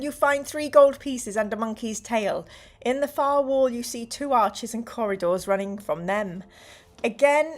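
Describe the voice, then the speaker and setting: A woman hosting a live stream, reading a gamebook aloud to her chat in a playful, exclamatory way. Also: on the high side.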